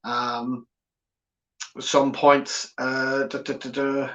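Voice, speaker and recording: A man's voice: mid-range voice, flat delivery, extremely slow, fairly bright tone. A man hosting a live football watchalong from home, reading viewer comments aloud and teasing them in chatty banter. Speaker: watchalong host. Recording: slightly dull lo-fi audio.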